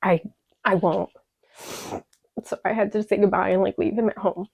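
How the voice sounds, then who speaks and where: A woman's voice: medium pitch, level tone, fast, creaky, dry recording. A young woman from Chicago telling her story in a candid vlog, emotional and profane, rambling with lots of fillers. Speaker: vlogger. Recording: dull lo-fi dry audio.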